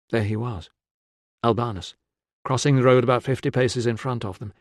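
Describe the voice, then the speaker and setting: A man reading an audiobook in a measured, steady scripted narration. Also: medium pitch, no echo, studio quality.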